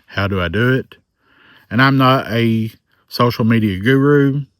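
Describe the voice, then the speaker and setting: Southern US man, 40s, thick drawl, slow sincere testimony, mid pitch, dry room. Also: fairly bright tone, no echo. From American South. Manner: slow, earnest, faith-filled. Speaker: paranormal content creator. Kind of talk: personal testimony to camera.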